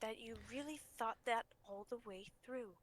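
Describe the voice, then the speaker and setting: A woman's voice: fairly high pitch, a little hiss or hum, close to an everyday voice. A woman voicing a distrustful young woman reproaching her uncle in a tabletop game. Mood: reproachful. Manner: measured, reproachful. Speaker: player.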